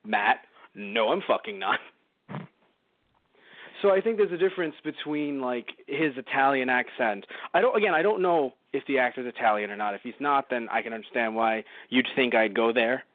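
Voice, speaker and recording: A man's voice: mid-range voice, lively intonation, brisk, hardly any pauses, no echo. A man co-hosting a podcast, reviewing a show in rambling casual chat with a lot of swearing. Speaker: podcast co-host. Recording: dry, phone-like narrow audio.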